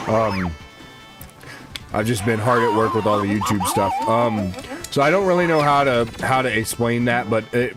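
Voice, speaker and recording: A man in his twenties chatting casually to viewers while streaming a game, rambling and slangy. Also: fairly low pitch. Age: 20s. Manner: rambling, slangy, talks to chat. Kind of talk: casual livestream chat. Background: game music.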